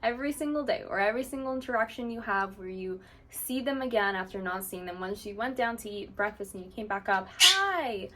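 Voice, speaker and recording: A woman's voice: medium pitch, fast talker, hardly any pauses, a bit bright. A woman talking casually to the camera as a channel host, explaining how she does things in a chatty way and filling her talk with "like". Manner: chatty and explanatory, with frequent fillers like "like". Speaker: parrot owner and channel host.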